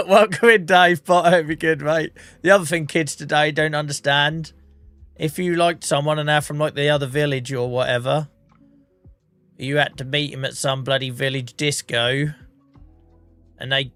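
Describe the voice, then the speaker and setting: Coughing Norfolk man with a bright voice. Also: fairly high pitch, no room sound. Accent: Norfolk English. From England. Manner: chatty, swearing, self-mocking. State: coughing, under the weather. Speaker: game streamer. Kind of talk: casual live-stream chat.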